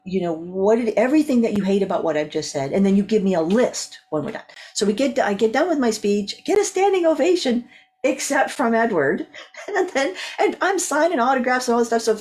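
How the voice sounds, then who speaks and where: Lively woman telling a story. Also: medium pitch. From California. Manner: lively storyteller, acts out quoted dialogue. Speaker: guest speaker and coach. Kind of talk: animated storytelling in conversation.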